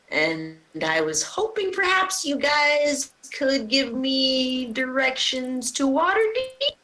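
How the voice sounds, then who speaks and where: Lady playing a super polite halfling, slow n bright. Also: on the high side, full character voice, poor audio. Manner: overly formal, courteous. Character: polite cheerful halfling traveler.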